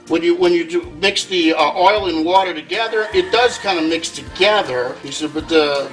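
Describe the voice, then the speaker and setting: A man's voice: fairly high pitch, fairly bright tone. A man hosting a casual cooking demonstration in a kitchen, chatting to viewers and sprinkling in Italian words. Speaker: cooking show host. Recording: echoey kitchen with background music.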